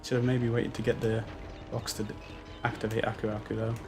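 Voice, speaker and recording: Swearing gamer chatting over play. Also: male voice, on the low side, flat delivery, a little fast. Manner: self-deprecating, swears, chuckles at mistakes. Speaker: gaming YouTuber. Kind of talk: casual gameplay commentary.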